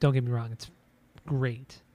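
Halting, rambling man in casual chat. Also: mid-range voice, little pitch movement, mellow. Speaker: podcast co-host.

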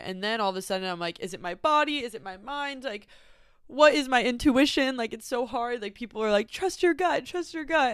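A woman's voice: medium pitch, a bit bright, smooth, dry recording, clean studio sound. A young woman in her twenties hosting a podcast, talking in a casual, reflective monologue full of fillers. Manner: chatty, many fillers, laughs easily. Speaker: podcast host.

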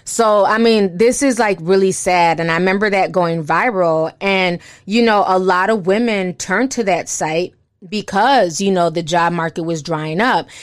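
Low-voiced woman chatting to camera. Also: unhurried, dry recording. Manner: conversational, many "you know" fillers. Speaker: commentator. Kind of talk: casual commentary, reading posts aloud.

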